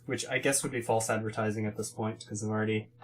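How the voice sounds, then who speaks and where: A man's voice: on the low side, flat delivery, fast. A man hosting a card pack opening, talking in an enthusiastic, chatty way. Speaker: host opening card packs. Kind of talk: casual chat.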